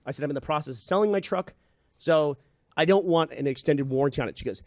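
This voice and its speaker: A man on a podcast telling a story in casual chat, animated and acting out the voices of the people he quotes. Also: on the high side, fast talker, no echo, studio quality. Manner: animated, acts out quoted dialogue. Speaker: podcast host. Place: podcast studio.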